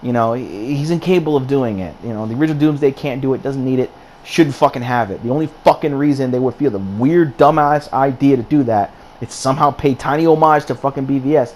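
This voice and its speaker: A man's voice: medium pitch, a little hiss or hum. A man giving a casual spoken film review, ranting and swearing freely, often repeating and restarting his words.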